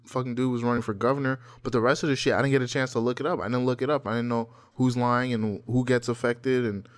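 A young man on a casual podcast, worked up and ranting. He swears constantly and talks in a heated, run-on way. His voice sits at an ordinary middle pitch. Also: little pitch movement, fast talker. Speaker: podcast co-host. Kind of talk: casual chat.

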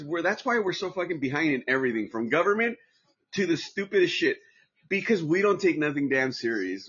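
A man's voice: fairly high pitch, fairly bright tone, breathy edge, lo-fi sound. Rambling profane man from Southern California. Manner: rambling, profane, restarts often. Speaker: podcast host. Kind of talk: casual livestream podcast chat.

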